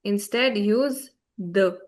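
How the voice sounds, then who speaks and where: A woman's voice: mid-range voice, very slow. A woman teaching a beginner French class online over a video call, patiently checking that her students follow. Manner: patient, checks often for understanding.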